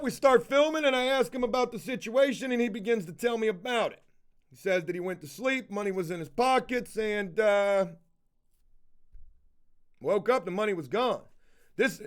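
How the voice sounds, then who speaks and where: This man, whose voice is high, talks casually on a live stream. He tells a story in a profane, animated way, shouting out chat viewers as he goes.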